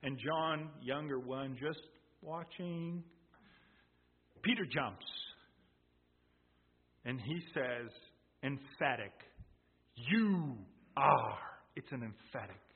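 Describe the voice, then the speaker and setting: A man's voice: mid-range voice, slow pace, long pauses, slightly rough. A man preaching a sermon, explaining emphatically and repeating key points. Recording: tinny phone-like sound in a reverberant hall.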